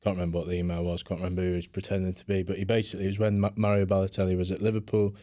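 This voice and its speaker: A man, a football reporter guesting on a podcast, telling a story in a relaxed, laid-back way. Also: low voice, racing, no echo, studio quality. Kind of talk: casual podcast chat, anecdote.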